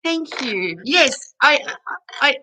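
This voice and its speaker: A woman chats unhurriedly on a home livestream, reading out comments and thanking her viewers. Her voice is bright and clear, and she takes her time with each thought, often emotional and close to tears. She talks into a computer mic. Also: high-pitched, big pitch swings, very slow, slight background noise, low-quality recording. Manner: chatty, warm thanks to viewers, emotional and tearful at times. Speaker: livestream host reading chat. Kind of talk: casual live chat.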